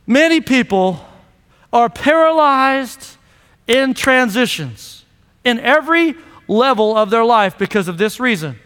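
High, bright preaching man in a hall. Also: lively intonation, measured pace, clear, resonant tone. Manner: emphatic call-and-response preaching. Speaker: pastor. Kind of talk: sermon. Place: church sanctuary. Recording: long reverb of a large hall.

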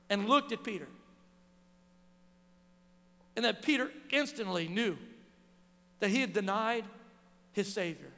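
A man preaches a sermon in a high, bright voice, telling a story and acting out the people in it. His voice rings out through a hall with a long reverb. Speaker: pastor.

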